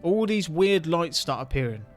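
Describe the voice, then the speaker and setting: A man hosting a reaction video, talking excitedly with rhetorical questions and stumbling restarts. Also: a little high, normal speed, soft background music. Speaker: host reacting to viral clips.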